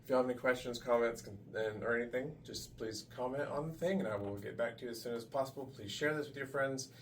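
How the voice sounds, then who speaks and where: This is a man's medium-pitched voice, delivered fast over a faint hiss or hum. He's a massage therapist running an easygoing hands-on demonstration in a massage room, full of chatty side comments.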